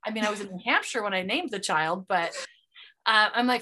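A woman's voice: mid-range voice, expressive, a little fast, bright, forceful tone. A woman hosting a podcast, chatty and self-deprecating, rambling with fillers as she talks with a guest. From Utah. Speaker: podcast host. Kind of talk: casual interview chat.

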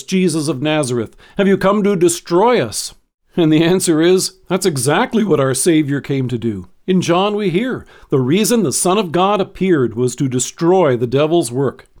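Man, devotional reading, measured, earnest, slightly raised pitch. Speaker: devotion speaker.

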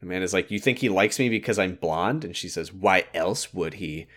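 A man co-hosting a casual podcast, recapping a movie in a laid-back, swearing way and reading its lines in flat mocking voices. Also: low-pitched, moderate pace. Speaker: podcast co-host. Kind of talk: casual chat recapping a film.

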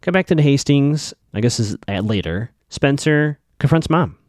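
A man talks through a TV episode in a loose, chatty podcast recap, and his pitch swings a lot as he goes. The sound is dry and close, with no room echo. He throws in skeptical, opinionated asides. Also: animated, moderate pace, darkish tone. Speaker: podcast host.

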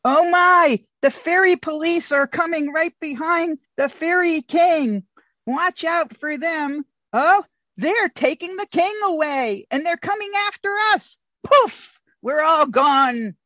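A woman narrating an improvised story in a lively, dramatic way, with dull lo-fi sound. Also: sits high, takes it slowly, dry recording. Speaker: storyteller in a group game.

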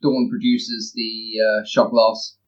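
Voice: mid-range voice, level tone, slow pace, dull audio. A player in a tabletop game, playfully describing a character's actions. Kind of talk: tabletop role-play chat.

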